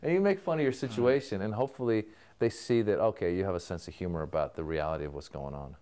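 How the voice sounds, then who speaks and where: Smooth-voiced man, a comedian interviewed. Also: low voice, fairly even intonation, quick pace, dark tone. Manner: storytelling, acting out remembered exchanges. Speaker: comedian guest. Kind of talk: interview answers.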